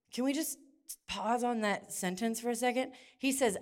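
A middle-aged woman preaching in church, telling a lively personal story and acting out the dialogue in hushed and excited voices. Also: mid-range voice, normal speed. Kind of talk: sermon with storytelling.

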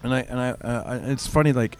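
Rambling, animated male storyteller. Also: mid-range voice, fast talker, clear, resonant tone, soft background music. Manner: rambling, animated storyteller with many restarts and fillers. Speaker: comedian. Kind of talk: casual storytelling chat.

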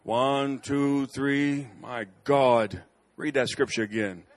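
A middle-aged man preaching a sermon in church, telling stories with lively swings between bold, loud lines and quiet asides. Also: mid-range voice, takes it slowly. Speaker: guest preacher. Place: church sanctuary.

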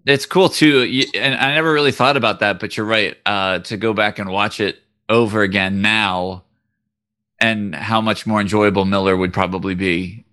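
A man in casual conversation, agreeable and quick to chime in. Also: on the low side, fairly even intonation, sharp tone. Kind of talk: casual chat.

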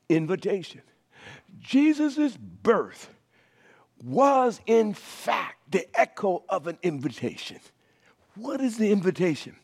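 A male pastor preaching a sermon, repeating phrases for emphasis and moving from loud declarations to hushed whispers. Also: high-pitched.

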